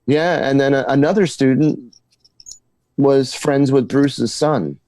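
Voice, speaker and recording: A man from New Jersey, a guest musician, telling stories in a casual interview, animated and tripping over repeated words when excited. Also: medium pitch, slow pace.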